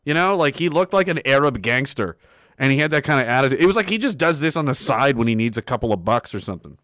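A man's voice: mid-range voice, big pitch swings, quick pace, a bit bright, no room sound, clean studio sound. A young man streaming, rambling through a casual story with profanity, frequent laughter and acted-out quotes.

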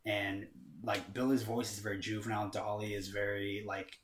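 A man chatting casually with a lowish voice, rambling through his story with plenty of fillers and easy swearing. He sounds like he is in a roomy, echoey space. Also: level tone, moderate pace, slight background noise. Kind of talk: casual chat. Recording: roomy echo.

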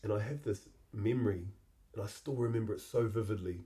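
This podcast host, a man in middle age, shares a memory from his own life, pausing and reflecting as he goes and repeating words frequently. He speaks on the low side with a warm tone.

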